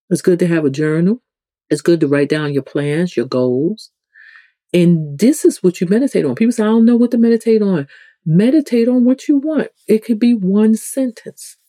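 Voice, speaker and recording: New York-accented spiritual host, loose chatty teaching, warm tone, dry recording. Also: dry recording. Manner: conversational, rambling, with frequent restarts; acts out quoted people with sudden pitch jumps. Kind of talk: casual spiritual teaching talk.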